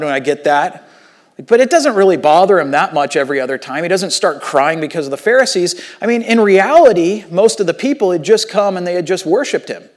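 A male pastor preaching a sermon in an animated, conversational way, swinging between loud emphasis and hushed passages. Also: a little high.

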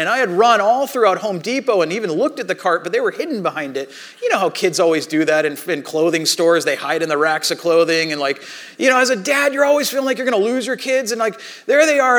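Man, thirties, pastor, lively storytelling sermon, fairly high voice, swings from hushed to loud. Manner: animated storytelling, acts out his own panic and shouting.

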